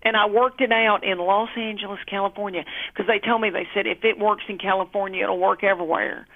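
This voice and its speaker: A woman's voice: mid-range voice, steady tone, brisk. A woman comedian chatting on the phone from home, fondly calling the host honey and darling. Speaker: comedian guest. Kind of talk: casual phone interview. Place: at home, lounging. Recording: tinny phone line.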